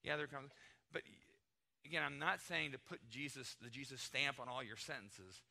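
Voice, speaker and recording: An American man in middle age preaches in a relaxed, conversational way, stressing key words and slipping into little acted-out exchanges. His voice is very bright and sits at an ordinary pitch for a man. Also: moderate pace, creaky. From United States. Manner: conversational, emphatic, acts out little dialogues. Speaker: pastor. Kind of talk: sermon.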